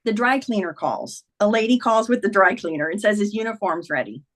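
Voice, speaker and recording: A woman's voice: mid-range voice, lively intonation, fairly quick. A woman in her fifties, a podcast guest, earnestly retelling a personal story in conversation, with many "like"s.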